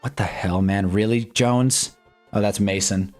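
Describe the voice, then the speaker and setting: A young man talks casually while watching football on a live stream, his voice swinging from quiet muttering to sudden excited outbursts. He sits close to a desk mic, and faint music plays softly behind him. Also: on the low side, unhurried. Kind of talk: casual live sports watch-along chat.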